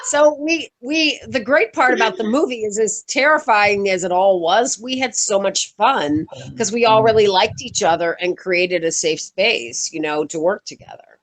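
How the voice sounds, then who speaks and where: Animated woman telling set stories. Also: medium pitch, moderate pace, rough recording. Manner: animated, laughs often, acts out quoted voices. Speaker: actress being interviewed. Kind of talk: casual interview storytelling.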